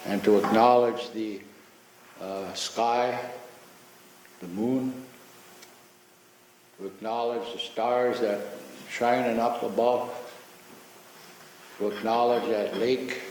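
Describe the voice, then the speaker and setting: A man giving a ceremonial opening acknowledgment in a large courtroom, talking slowly and reflectively with frequent pauses and repetitions. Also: lowish voice, steady tone, a little mellow, slight background noise. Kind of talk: ceremonial public address. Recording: very echoey hall with long reverb.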